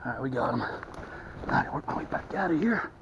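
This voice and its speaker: A man's voice: mid-range voice, animated, brisk, highs cut off, background noise. A man out of breath, rambling and repeating himself as he narrates a hunt to the camera outdoors in thick brush in the rain. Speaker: hunting vlogger.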